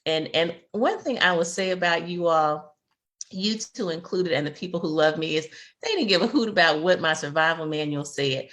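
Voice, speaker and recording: Woman, low deep pitch, middle-aged, earnest reflective co-host, repeats words. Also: normal speed, fairly bright tone. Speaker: podcast co-host and grief expert. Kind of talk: casual faith-based chat.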